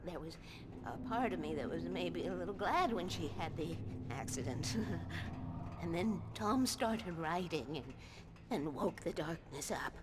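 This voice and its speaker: An eccentric old woman in a game, haunted and wistful. She speaks softly and confidingly in a lowish voice. The game audio sounds distant, with a clear hiss. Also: expressive, measured pace. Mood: confessing. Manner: soft, confiding, with odd little laughs.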